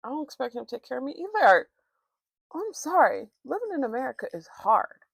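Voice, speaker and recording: A woman's voice: high voice, big pitch swings, fairly quick, gravelly, slightly rough, dry recording, clean studio sound. A woman vlogger chatting casually, telling a rambling, profane, candid story with many restarts.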